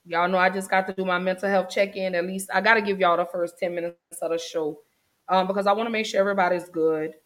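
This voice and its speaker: A woman's voice: fairly low pitch, steady tone, fast, faint music behind. A woman hosting a podcast, talking in an earnest, caring way with many fillers. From United States. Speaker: podcast host. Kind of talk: casual podcast chat.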